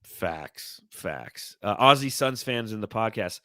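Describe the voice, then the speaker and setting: Excitable man co-hosting a sports podcast. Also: fairly low pitch, takes it slowly, dry recording, studio quality. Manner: excitable, laughs often, reads fan comments aloud. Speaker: podcast co-host. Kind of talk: casual sports chat.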